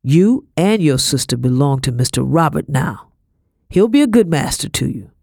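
A woman's voice: sits low, expressive, vocal fry, darkish tone, no room sound, studio quality, exaggerated voice. A woman reading a storybook, voicing a formal, cautious male pastor who evades hard questions. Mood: stiff, formal. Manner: formal, evasive, measured. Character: stiff, cautious man, a pastor.

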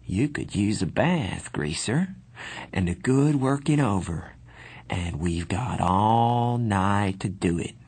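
A man voicing a drunk, sneering teenage gang bully who taunts in a slow drawl. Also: mid-range voice, animated, no echo, pitched above the performer's own voice.

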